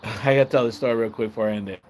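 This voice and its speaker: A man's voice: fairly low pitch, rapid-fire, slight background noise. Rambling, profane man telling stories live. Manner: rambling and profane, acts out shouts and voices in his stories. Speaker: live streamer. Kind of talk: casual storytelling on a live stream.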